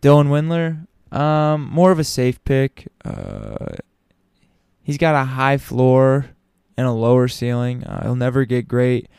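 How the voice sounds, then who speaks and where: A man's voice: mid-range voice, big pitch swings, takes it slowly, gravelly, darkish tone, smooth, no room sound, studio quality. A man talking casually to his audience as a commentator, opinionated, with frequent ums and restarts. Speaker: sports commentator. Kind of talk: casual basketball talk.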